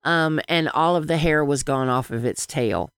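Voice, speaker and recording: A woman with a Southern accent co-hosting a podcast, chatting in a rambling, animated way. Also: low voice, normal speed, clear, resonant tone, no room sound, clean studio sound. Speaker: podcast co-host. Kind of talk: casual fan chat.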